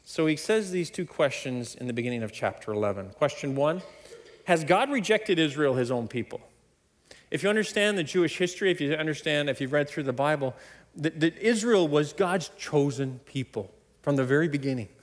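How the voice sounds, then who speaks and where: A man preaching a sermon, emphatic and animated, often laughing between points. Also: normal speed. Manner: animated, emphatic preaching with sudden loud high stresses. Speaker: pastor. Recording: long hall reverb.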